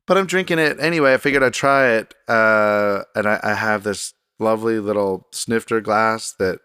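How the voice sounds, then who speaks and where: Deep-voiced man rambling on his podcast. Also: moderate pace, pushed and bright, clean tone, no echo, clean studio sound. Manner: rambling and self-deprecating. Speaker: podcast host. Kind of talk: casual solo podcast monologue. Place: desk in a home recording room.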